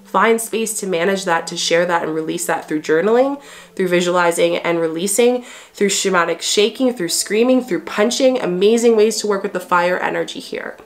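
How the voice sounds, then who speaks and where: A woman's voice: on the low side, moderate pace. A woman hosting a casual advice video, talking earnestly to her viewers as a spiritual coach, encouraging and repeating herself with "you know" fillers. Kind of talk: casual advice vlog to camera.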